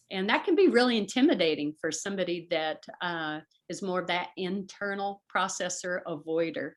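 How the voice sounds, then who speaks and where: A woman's voice: on the low side, animated, moderate pace, few pauses. A middle-aged woman, a guest on a talk show, explaining in an earnest, conversational way and slipping into voices when she quotes people.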